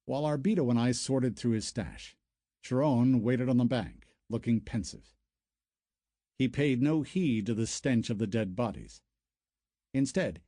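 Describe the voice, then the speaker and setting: Expressive male audiobook narrator. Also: mid-range voice, no echo, studio quality. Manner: storytelling, expressive. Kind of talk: first-person scripted narration.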